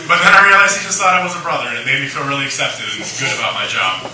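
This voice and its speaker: A man's voice: sits high, background noise. A tipsy young man doing a crude, rambling stand-up set in a lounge bar. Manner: crude, rambling, shock humor. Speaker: stand-up comedian. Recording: echoey room, mic from far off.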